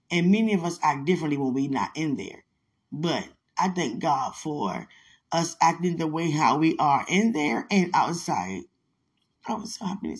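A woman's voice: lowish voice, gravelly, husky. A woman host talking casually in a podcast monologue, telling chatty stories. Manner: chatty storytelling with laughs and sudden shouts.

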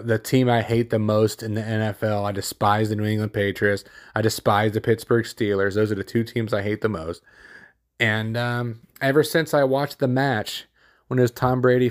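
A man hosting a solo sports podcast, rambling and opinionated, with lots of fillers, restarts and casual slang. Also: fairly low pitch.

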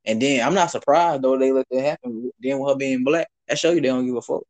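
A man's voice: mid-range voice, quick pace. A young man hosting a podcast, telling stories in a loose, profane, casual chat. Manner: loose, profane storytelling with animated swings. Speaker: podcast host.

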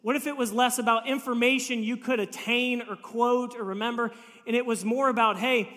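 A man's voice: extremely high pitch, steady tone, fairly quick, pushed and bright, long reverb tail. A man preaching a sermon as pastor, telling humorous stories and acting out the voices he quotes. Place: church sanctuary.

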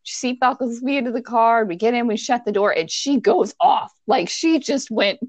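A woman telling a childhood story in casual chat, animated, acting out the people in it with squeaky high voices and laughing at herself. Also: normal speed, dry recording. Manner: self-mocking, laughs while telling.

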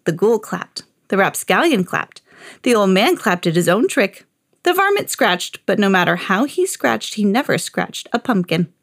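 A woman reading a children's picture book aloud on her podcast in an expressive, sing-song storytelling way. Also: mid-range voice, no room sound, studio quality.

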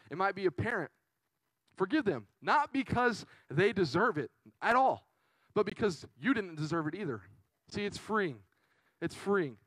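A man's voice: on the high side, no room sound, poor audio. A young man preaching a sermon in an earnest, emotional, conversational way, with frequent fillers. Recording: dry sound with faint guitar behind. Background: faint guitar music.

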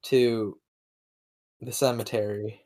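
A man's voice: fairly low pitch, level tone, slow, mellow. A man hosting a podcast, recapping a film in casual chat, laughing often and rambling with restarts. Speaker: podcast host.

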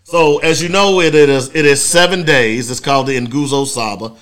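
A man's voice: medium pitch, normal speed, fairly bright tone. A middle-aged man hosting a casual solo talk show, speaking in an emphatic, preachy way, often checking in with "okay?". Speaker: host.

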